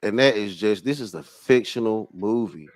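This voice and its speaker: A man hosting a casual livestream chat, excitable and profane, jumping between loud outbursts and low muttering, and stumbling when he reads aloud. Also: normal speed, no room sound, rough recording. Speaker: livestream host.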